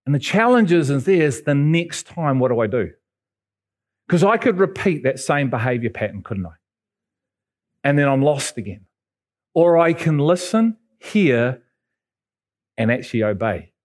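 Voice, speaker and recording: A man from England, preaching a sermon and telling stories with sudden high jumps in pitch. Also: very animated, unhurried, long pauses. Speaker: pastor.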